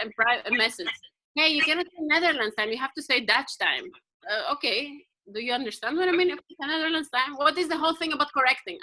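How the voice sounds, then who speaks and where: Sharp-voiced woman musing aloud. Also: fairly high pitch, low-quality recording. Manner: musing, rambling, questioning aloud. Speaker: performer. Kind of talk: improvised spoken performance. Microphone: video call.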